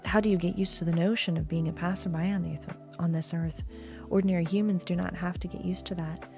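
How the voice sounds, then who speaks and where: A woman reading a story aloud on a live stream, slow and hushed, often dropping to a whisper. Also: on the low side, fairly even intonation, vocal fry, faint music behind.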